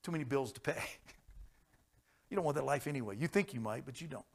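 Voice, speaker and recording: A man preaching a sermon, telling stories with folksy jokes and chuckles, swinging from hushed tones to loud, fervent passages. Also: medium pitch, lively intonation, fast talker, gravelly.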